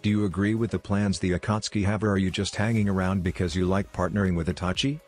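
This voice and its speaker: A man's voice: low voice, steady tone, fast, darkish tone, soft background music. A man voicing a brash, cocky teenage boy ninja in a read-aloud fan story, with a teasing manner.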